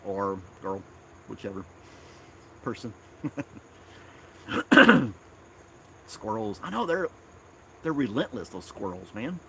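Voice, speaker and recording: A man's voice: fairly low pitch, big pitch swings, slow pace, creaky, pauses often, fairly bright tone, slight background noise. A man from Tennessee, hosting a casual live stream outdoors in his backyard, rambling and chuckling often.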